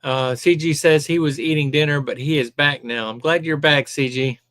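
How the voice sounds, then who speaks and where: An older man hosting a casual live stream, talking haltingly with lots of ums and uhs. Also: a little high, fairly even intonation, a bit bright, no room sound, clean studio sound.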